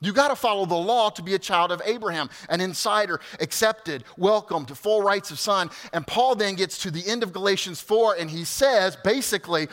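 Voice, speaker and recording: A man preaching a sermon as pastor, in an animated, conversational way with asides to the congregation. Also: sits high, normal speed, in a large hall.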